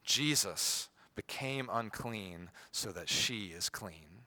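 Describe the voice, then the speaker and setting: A man preaching a sermon in a bright, forceful voice. He drops to near-whispers and then rises to loud emphasis, and he acts out the quoted speakers with a sarcastic edge. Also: lowish voice, lively intonation, takes it slowly. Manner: dynamic, swings from hushed to loud emphasis.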